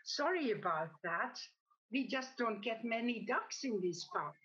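A woman voicing an eager, chatty male pub landlord who speaks in excited, rising exclamations. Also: fairly high pitch, measured pace, dull audio.

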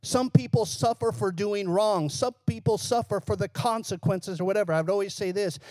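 A man's voice: high voice, moderate pace, a little mellow, no room sound. A male pastor preaching a conversational sermon, asking the congregation questions and joking now and then.

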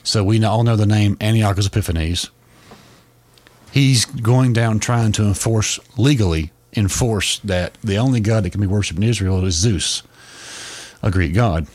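A man's voice: on the low side, darkish tone. A man co-hosting a podcast, explaining a long story in a casual way, with frequent restarts. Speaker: podcast co-host.

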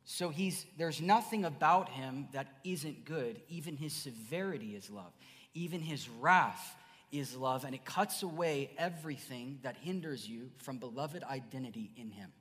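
A man preaching a sermon as pastor, earnest, dropping to soft murmurs then rising to emphatic bursts. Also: medium pitch, normal speed. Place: church sanctuary. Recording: church hall reverb.

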